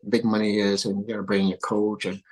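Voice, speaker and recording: A middle-aged golf coach, father of a pro golfer, who came to the U.S. as a kid, tells energetic stories in a podcast interview, laughing often and imitating the people he quotes. His voice is fairly low with little pitch movement, his pace fairly quick, and the audio poor.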